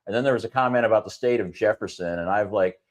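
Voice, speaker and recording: A man co-hosting a talk stream, ranting about politics in an animated way, with quick bursts and lots of "you know". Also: lowish voice. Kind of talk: casual political rant.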